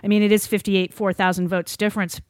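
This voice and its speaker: A woman's voice: mid-range voice, flat delivery, fast talker, darkish tone, no room sound. A woman co-hosting a podcast from home, wry and precise, chatting casually about politics. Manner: precise, wry, dry jokes. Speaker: podcast co-host.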